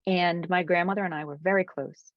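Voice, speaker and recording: A woman guest, a spiritual coach, telling a heartfelt personal story in an interview, dropping to soft whispers at times. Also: on the low side, fairly even intonation, fairly quick, dry recording, lo-fi sound. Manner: earnest, drops to soft whispers for quoted moments.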